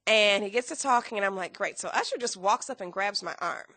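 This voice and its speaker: Woman, podcast guest, animated storyteller, gravelly edge, dry close sound. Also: fairly quick, no echo. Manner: lively, acts out quotes with big pitch jumps and laughter.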